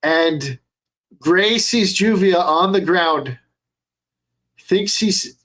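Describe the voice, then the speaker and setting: A young adult man co-hosting a podcast in casual chat, excitable and cursing freely as he retells scenes. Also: sits high, drawn-out words. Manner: excitable, swears a lot while retelling scenes. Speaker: podcast co-host.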